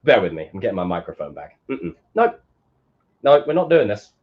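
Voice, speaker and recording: A young man live-streaming, reacting to film clips with animated, profane commentary and sudden loud outbursts. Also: on the low side, fairly quick, husky, lo-fi sound.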